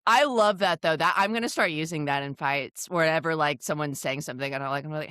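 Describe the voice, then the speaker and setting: A woman co-hosting a casual recap chat, animated, laughing often and acting out quotes. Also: low-pitched, fast, hardly any pauses, smooth, no echo, studio quality. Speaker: podcast co-host.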